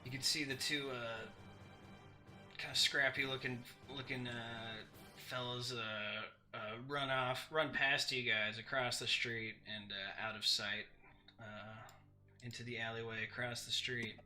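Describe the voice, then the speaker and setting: A man narrating a tabletop game as game master, halting and full of restarts. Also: mid-range voice, steady tone, pushed and bright, faint music behind. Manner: halting, many fillers and restarts.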